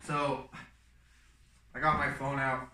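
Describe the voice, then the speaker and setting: A man telling a story on a casual talk show, animated and acting out every quote with sudden jumps in volume. His voice is bright and forceful. He sits a bit back from the mic in a roomy, echoing space. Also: medium pitch, slow, distant mic. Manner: animated, acts out quotes with big swings in loudness. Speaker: co-host.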